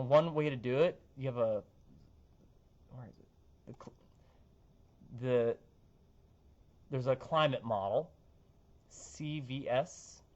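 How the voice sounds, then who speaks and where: A man's voice: mid-range voice, dull audio. A young man, a TV meteorologist talking through a casual forecast with playful, jokey asides. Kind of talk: casual weather forecast chat.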